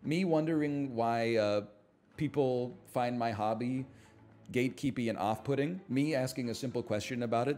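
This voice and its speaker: A man's voice: mid-range voice, moderate pace, darkish tone, faint music behind. A man streaming live, chatting casually in a sarcastic, mock-outraged way that swings into ranting.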